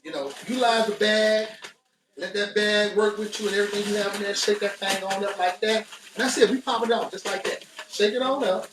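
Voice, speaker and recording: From an echoey home kitchen, picked up by a distant mic, an American man runs a casual cooking show and chats to his audience mid-task. He speaks fairly quickly in a high-pitched voice, with background noise audible.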